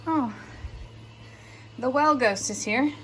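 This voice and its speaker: A woman's voice: sits high, slow pace, slight background noise. A woman vlogging casually on her farm, chatty and self-deprecating, talking the camera through her well problems and cooing to her animals. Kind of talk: casual vlog narration. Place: outdoors on a farm.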